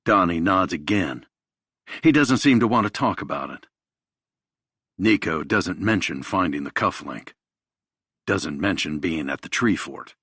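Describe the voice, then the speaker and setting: A man narrating a thriller audiobook in a measured, even storytelling manner. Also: low voice, breathy edge, no room sound, clean studio sound.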